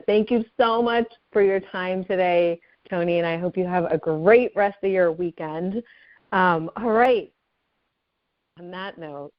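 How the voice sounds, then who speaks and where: A woman's voice: fairly low pitch, no echo, dull audio. A woman hosting a team call, bubbly and enthusiastic as she thanks and introduces speakers. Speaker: call host.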